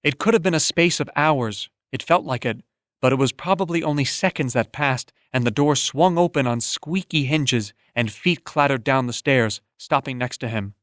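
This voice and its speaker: A man narrating an audiobook in a steady, measured storytelling manner on a close studio mic. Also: medium pitch, no echo. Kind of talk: scripted narration.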